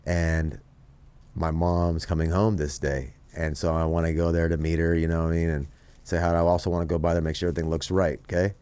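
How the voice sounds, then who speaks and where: Low-voiced man telling a story. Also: a little fast, clear, resonant tone. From Las Vegas, USA. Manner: animated, profane, acts out other people's lines. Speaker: podcast guest. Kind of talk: casual storytelling.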